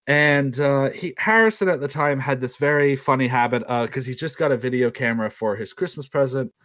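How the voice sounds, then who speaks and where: A man's voice: medium pitch, a little fast, a bit bright. A young man from South Carolina with a Southern US accent, telling a story in a rambling, self-deprecating way. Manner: rambling, self-deprecating, acts out quoted voices. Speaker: podcast storyteller. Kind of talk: casual storytelling.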